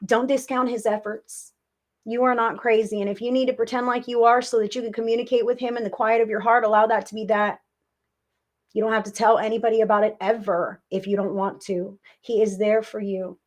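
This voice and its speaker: A woman hosting a live psychic reading stream, talking to viewers in a warm, soothing, reassuring way and often repeating herself. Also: a little high, little pitch movement, a little fast. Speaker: psychic medium livestream host.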